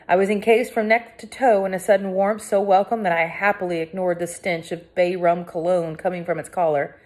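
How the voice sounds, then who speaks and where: Dramatic woman narrating an audiobook. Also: fairly low pitch. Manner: dramatic, swinging between hushed and cried out. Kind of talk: first-person audiobook narration.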